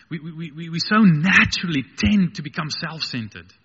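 A man's voice: fairly high pitch, animated, moderate pace, pushed and bright, breathy edge, big-room sound, muffled recording. A man preaching a sermon with passion, building to emphatic peaks.

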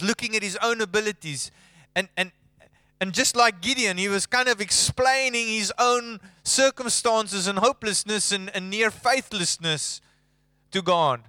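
A man's voice: sits high, sharp tone, smooth, no room sound, studio quality. A man preaching a sermon, emphatic and building through long lists.

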